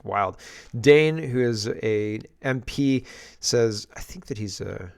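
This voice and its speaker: A man's voice: mid-range voice, slow pace, gravelly, clear, resonant tone. A man hosting casual political commentary, sarcastic and exasperated, rambling through asides as he reacts to clips. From England.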